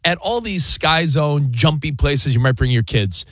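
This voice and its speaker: A man's voice: a little high, a little slow, dry recording. A man co-hosting a sports radio show, rambling in casual banter with plenty of fillers. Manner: animated, rambling, with lots of fillers and sound effects. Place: radio studio. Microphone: studio mic.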